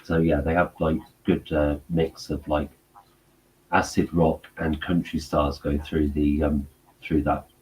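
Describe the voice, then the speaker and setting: Very deep-voiced rambling man. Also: level tone, darkish tone, breathy edge, low-quality recording. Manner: rambling, halting, full of fillers. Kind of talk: casual chat.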